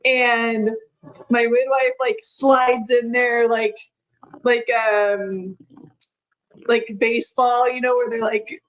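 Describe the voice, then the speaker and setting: A woman's voice: a little high, level tone, slow, rough recording. A woman telling a personal story as a podcast guest, in a chatty way with frequent laughs and many filler words.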